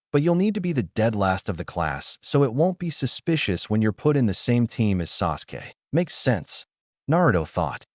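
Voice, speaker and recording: Low, lively man narrating fan fiction. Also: dry recording, studio quality. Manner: reads every character in his own voice.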